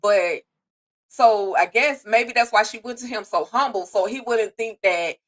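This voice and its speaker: A woman's voice: on the high side, a little slow, a bit bright, poor audio. A woman co-hosting a casual live recap chat. She talks bluntly and expressively, cussing and laughing often. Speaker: co-host.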